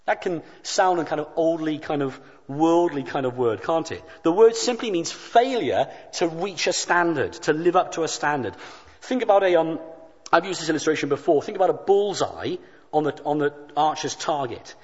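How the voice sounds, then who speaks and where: A man preaching a sermon in an earnest, emphatic, deliberate way. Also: on the high side, expressive, husky. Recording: dull sound with long hall reverb.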